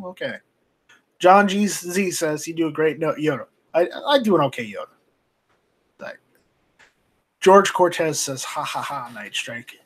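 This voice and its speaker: A man hosting a casual live stream off camera, reading viewer chat aloud and talking in a halting, rambling way with many restarts. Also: sits high, fairly bright tone. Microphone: home streaming mic, voice only, off camera.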